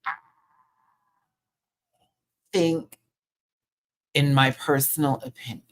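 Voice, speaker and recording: A man's voice: mid-range voice, fairly even intonation, slow, fairly bright tone. A man hosting a live review show, ranting in a sassy, heated and profane way full of slang. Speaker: show host reviewing a TV episode.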